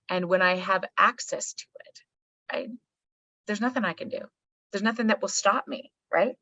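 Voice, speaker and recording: A middle-aged woman, a psychologist guest, talking candidly in a blunt, profane, animated storytelling manner. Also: medium pitch, moderate pace, dry recording. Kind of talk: candid podcast conversation. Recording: slightly muffled dry recording.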